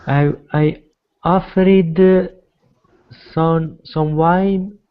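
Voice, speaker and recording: A man's voice: a little high, steady tone, extremely slow, clear, resonant tone, highs cut off. A man answering as a student in an English class, hesitant and careful with each word.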